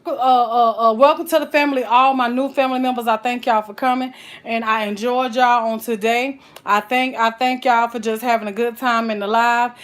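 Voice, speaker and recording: A woman's voice: a little high, steady tone, normal speed, fairly bright tone. A woman chatting folksily while cooking on a live stream, calling her viewers child and honey. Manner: folksy and chatty, full of endearments.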